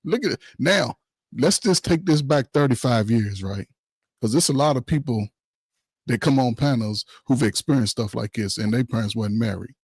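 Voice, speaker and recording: A man talking casually on a discussion panel, telling stories in a loud, animated way with swearing and laughs. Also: mid-range voice, normal speed, husky, dry recording. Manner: animated storytelling with profanity and laughs.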